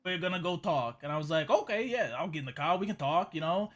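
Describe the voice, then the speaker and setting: A man's voice: on the high side, fast talker, a bit bright. A man telling a rambling in-character story in a roleplay, stammering and repeating himself. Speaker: roleplay character giving a statement. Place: game voice chat.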